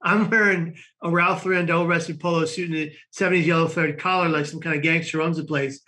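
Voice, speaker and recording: A man, a guest on a talk show, telling a long personal story in an animated way with frequent laughs. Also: fairly high pitch, a little fast. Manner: animated storyteller, laughing often, many restarts. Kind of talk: storytelling in conversation.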